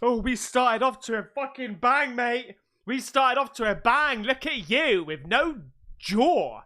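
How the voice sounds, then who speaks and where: A man hosting a reaction video, exclaiming and swearing loudly as he reacts to scary clips. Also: extremely high pitch, unhurried. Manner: excitable, swearing, loud exclamations.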